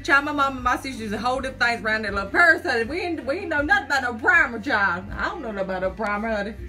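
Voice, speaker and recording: Woman, live-stream seller on a phone; high, sharp, folksy, keeps saying honey and child. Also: expressive, very fast, soft background music. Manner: chatty, folksy, says "honey" and "child" constantly; jittery, talks through nerves. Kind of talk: casual live-stream chat.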